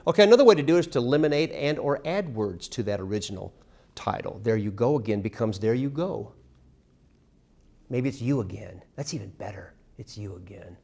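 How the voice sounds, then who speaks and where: Man, middle-aged, gravelly, husky, songwriting teacher, casual lecture, acts out lyrics. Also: mid-range voice, moderate pace. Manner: animated, sings and acts out lyric examples.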